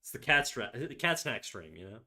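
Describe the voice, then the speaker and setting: A man chats loosely with his live audience while he works. His voice is notably bright and forward, set at an ordinary middle pitch. He teases, trails off and strings thoughts together with plenty of "like". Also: very animated, fairly quick. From Canada. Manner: teasing, rambling, heavy use of "like". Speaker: streamer. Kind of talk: casual livestream chat. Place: home streaming setup.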